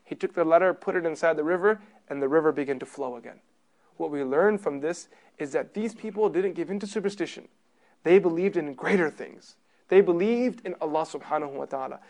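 Teaching a religious class in sermon style, a man speaks emphatically and a little fast. He poses rhetorical questions to his listeners and shifts between loud stress and soft, low passages.

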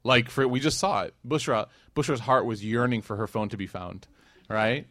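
A man's voice: mid-range voice, moderate pace, a bit bright, no room sound. A man teaching a religious class in a casual, conversational way, full of fillers, who acts out the quotes as he retells the story. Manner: conversational, with many fillers and restarts.

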